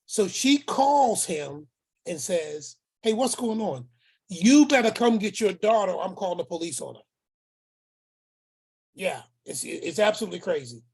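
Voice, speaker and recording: A man's voice: high voice, expressive, unhurried, darkish tone, husky. A man telling a family story as the uncle in it, acting out each person's words and repeating phrases for emphasis. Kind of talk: storytelling talk.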